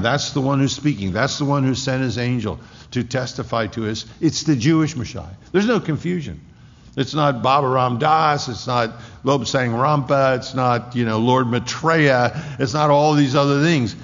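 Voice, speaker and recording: A man's voice: mid-range voice, moderate pace, vocal fry. A man preaching a sermon in a church, emphatic and repeating key words for weight. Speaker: pastor. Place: church sanctuary. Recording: dull lo-fi recording in a reverberant hall.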